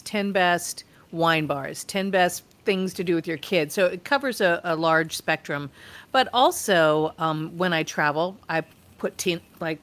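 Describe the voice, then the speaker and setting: A woman's voice: fairly low pitch, a bit bright. A woman guest answering interview questions in an easygoing way, listing things. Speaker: guest, travel writer.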